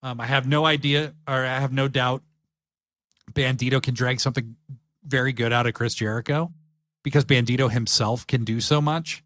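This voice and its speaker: A man's voice: medium pitch, fairly even intonation, normal speed, a bit bright, no room sound, clean studio sound. A man hosting a podcast, chatting eagerly and rambling with lots of fillers. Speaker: podcast host. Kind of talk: casual chat.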